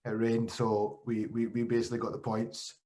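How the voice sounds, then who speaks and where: A man's voice: medium pitch, normal speed. A man from Scotland, a podcast host and former cricketer, telling stories in a casual interview with quoted voices. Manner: animated storytelling with quoted voices.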